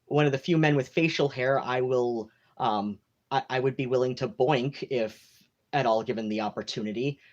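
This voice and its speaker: A man's voice: medium pitch, moderate pace, dull audio. An American man with an affected mid-Atlantic accent, rambling through a casual, gossipy livestream chat at home and leaning hard on "like" and "you know". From United States. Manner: campy, gossipy and theatrical. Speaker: livestream host.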